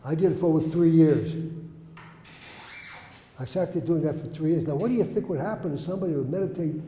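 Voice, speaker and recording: Man, high voice, mellow tone, storytelling to audience, quizzes listeners, echoey hall with long reverb. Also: fairly quick, slight background noise. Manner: animated, asks the audience questions, acts out quotes loudly. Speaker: speaker telling his spiritual story. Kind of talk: storytelling talk to a live audience.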